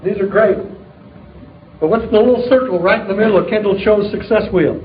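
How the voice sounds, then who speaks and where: Middle-aged guy pumping up a sales crowd, highish voice, punchy jokey stories, sounds like it's over a phone line. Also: a little fast, roomy sound. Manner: upbeat storytelling, joking, punchy. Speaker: sales leader speaking at a distributor meeting. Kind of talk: motivational talk to a live audience. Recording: tinny, narrow-band recording of a live talk.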